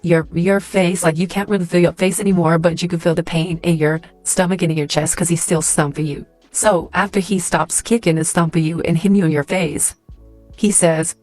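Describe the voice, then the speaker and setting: Lower-voiced woman rambling through a story. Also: fairly even intonation, normal speed, darkish tone, no echo, faint music behind. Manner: rambling, heavy use of "like" and "and stuff like that". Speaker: storyteller in a social media clip. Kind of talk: casual second-person storytelling.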